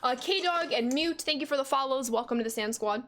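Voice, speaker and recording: A young American woman in her twenties, a gaming streamer chatting casually with her viewers, loud and talkative, reading chat aloud and laughing often. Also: high voice, brisk, a little hiss or hum. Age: 20s. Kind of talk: casual livestream chat while playing.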